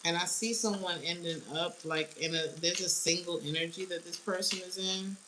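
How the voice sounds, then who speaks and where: Woman, low-pitched tarot reader, blunt slang, frequent laughs; faint hiss on the track. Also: steady tone, moderate pace, sharp tone, low-quality recording. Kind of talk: casual tarot reading.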